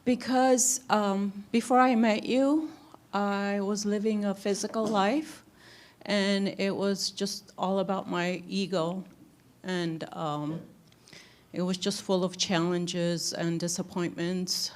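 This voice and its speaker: A woman answering a question in church, out of breath and hesitant, with many pauses. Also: mid-range voice, fairly even intonation. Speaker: congregant.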